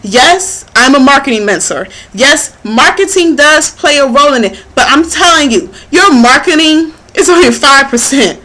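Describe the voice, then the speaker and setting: A woman life coach giving a passionate motivational talk, excitable and laughing as she speaks. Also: sits high, moderate pace, hardly any pauses, poor audio. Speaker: spiritual life coach and marketing mentor.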